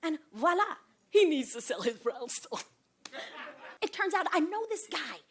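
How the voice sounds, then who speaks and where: A woman's voice: high-pitched, measured pace. A middle-aged woman telling sassy comic stories in a one-woman stage show, acting out the people in them. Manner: animated, sassy storytelling with mimicry. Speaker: comedic solo performer. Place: theater stage.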